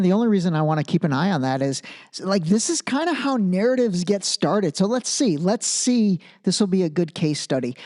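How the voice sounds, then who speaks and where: A man's voice: high-pitched, darkish tone. Chatty man riffing on a podcast. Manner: thinking aloud, restarts, checks in with "okay?". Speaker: podcast host. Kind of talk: casual solo commentary.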